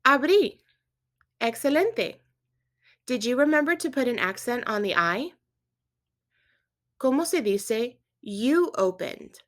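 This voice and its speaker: A woman's voice: on the high side, very animated, slow, pauses often. Patient woman teaching a Spanish lesson. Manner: clear, patient instruction with quiz prompts. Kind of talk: scripted language lesson.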